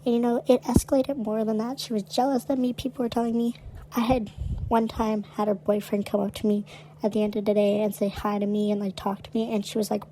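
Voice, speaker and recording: A woman's voice: mid-range voice, little pitch movement, fairly quick, mellow, slight background noise, poor audio. A woman co-hosting a podcast, chatting casually and recounting a story with lots of "like" in her speech. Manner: chatty, heavy use of "like". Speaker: podcast co-host.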